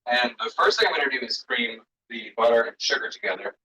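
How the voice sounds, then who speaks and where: A man's voice: medium pitch, fast, recorded from a distance, rough recording. A man explaining each step as he cooks on a live stream. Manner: explanatory, relaxed instructions. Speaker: streamer cooking on camera. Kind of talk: cooking demonstration.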